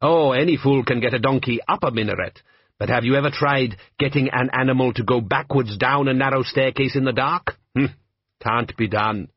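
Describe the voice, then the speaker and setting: A man's voice: mid-range voice, slightly rough, no echo, lo-fi sound. A man voicing nervous, common guards who talk in a hurry. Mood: anxious. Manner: hurried, anxious.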